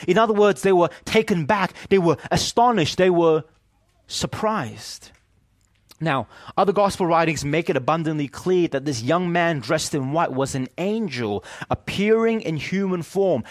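A man preaching a sermon as pastor, animated and often asking his listeners questions. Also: high voice, no echo, studio quality.

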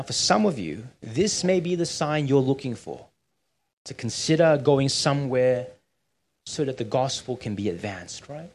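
A man with a husky, mid-range voice preaches a sermon in church. His tone is conversational, and he often checks in with his listeners by asking "right?"

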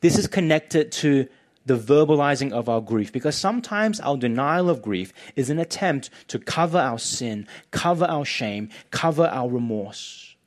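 A man's voice: mid-range voice, animated, moderate pace. A man preaching a sermon as pastor, earnest and pastoral, often repeating a word as he starts a thought.

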